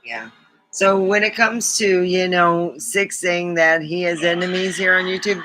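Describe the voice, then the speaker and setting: Woman streamer, relaxed rambling chat about her pet, slow delivery, slightly low voice. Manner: rambling and affectionate, talking to her cat. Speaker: livestream host. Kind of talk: casual chat on a livestream.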